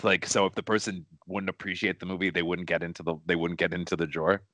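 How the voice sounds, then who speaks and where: A man's voice: low-pitched, flat delivery, fast, fairly bright tone, no room sound. A man co-hosting a casual chat, telling a story in a rambling way, repeating words and restarting his sentences. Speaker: co-host. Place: studio.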